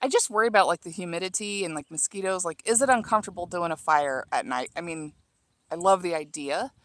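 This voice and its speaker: A woman's voice: fairly low pitch, fast talker, dry recording. A woman in her thirties from Illinois, chatting casually with livestream viewers while trimming herbs in her garden, reading their comments aloud and talking with many fillers and restarts. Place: outdoor home garden.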